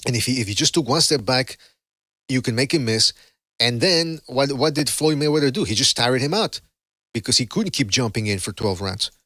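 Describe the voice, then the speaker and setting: A man's voice: mid-range voice, expressive, moderate pace, fairly bright tone, no room sound. A man hosting a boxing call-in podcast, talking in a rambling, blunt, profane way. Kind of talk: casual call-in show commentary.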